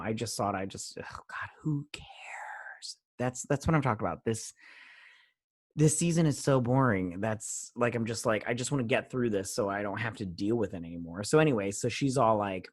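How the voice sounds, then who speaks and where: With a mid-range voice in a dry, studio-quality recording, a young man hosting a show casually runs through an episode recap and review. He's rambling and dismissive, summing up scenes with "he's all like."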